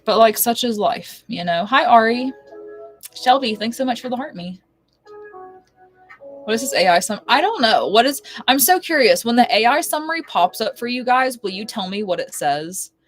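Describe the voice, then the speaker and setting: A woman's voice: on the high side, expressive, normal speed, soft background music, poor audio. Chatty young woman livestreaming. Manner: chatty, rambling, coos baby talk to her cat. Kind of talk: casual live-stream chat. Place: home, indoors.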